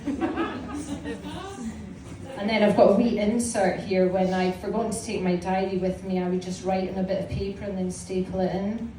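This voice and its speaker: A woman's voice: on the low side, dark tone. A Scottish woman in her forties reading aloud from her teenage diary to a live audience, with a wry, amused storytelling manner. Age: 40s. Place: small indoor live venue. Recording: roomy, distant mic with audience noise.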